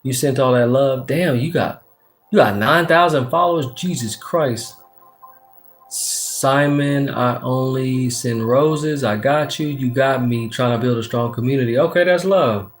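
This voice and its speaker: A man's voice: mid-range voice, a little slow. Laid-back man doing live tarot. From Texas. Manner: laid-back, slangy, swears freely, gives lots of shout-outs. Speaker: livestream tarot reader. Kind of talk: casual livestream chat, reading comments aloud.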